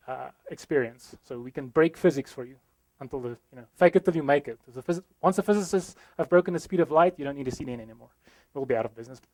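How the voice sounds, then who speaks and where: A man's voice: a little high, a little mellow, no room sound, rough recording. A young South African man giving a joking, filler-heavy conference talk about his work. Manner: self-deprecating, joking, many fillers. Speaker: conference speaker.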